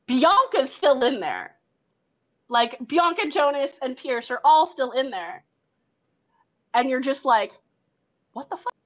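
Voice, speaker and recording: A woman's voice: high-pitched, very animated, slow, long pauses. A woman game master narrating a tabletop game in second person, in a loose way full of likes and ums. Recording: dull lo-fi recording.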